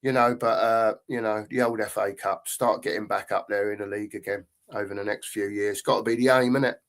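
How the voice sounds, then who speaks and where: A man's voice: lowish voice, fairly even intonation, a little fast. A middle-aged man hosting a casual live football stream, reading out chat and greeting viewers in a matey way.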